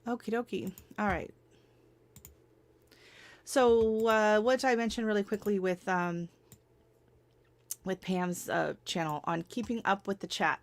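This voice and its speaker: A woman's voice: medium pitch, a bit bright. Chatty woman streaming live. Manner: rambling, chatty, frequent laughs and self-corrections. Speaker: livestream host. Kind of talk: casual livestream advice chat.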